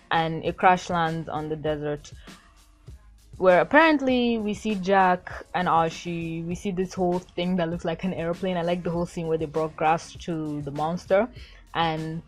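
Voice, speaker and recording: A young adult woman casually reviewing a cartoon episode, excitable and gushing, acting out the characters' lines. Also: sits low. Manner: excitable, gushing, acts out quotes.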